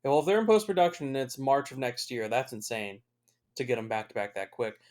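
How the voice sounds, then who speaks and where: A man's voice: mid-range voice, a little fast, a little mellow. A young man talking through a film as a casual watch-along commentary, swearing freely and reacting with open emotion. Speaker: movie reviewer.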